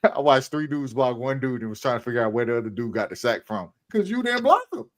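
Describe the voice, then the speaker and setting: A man hosting a casual sports podcast, loud and teasing, laughing often as he talks. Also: medium pitch, fairly even intonation, fast talker. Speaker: podcast host.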